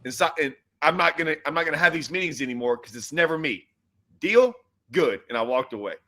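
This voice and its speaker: A man hosting a laid-back chat, with a sharp, forceful voice pitched a bit high. He jokes loosely and retells his own side of the story in quoted lines. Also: fast talker. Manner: loose, joking, quotes himself in stories. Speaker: host and pro angler. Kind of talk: casual chat.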